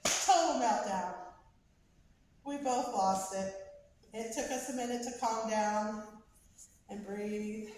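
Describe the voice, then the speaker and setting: Distant echoey woman telling a family story. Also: mid-range voice. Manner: measured, with slow emphatic pauses, rising into lively excitement at the climax. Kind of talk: prepared personal storytelling speech. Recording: very echoey, distant, faint background noise.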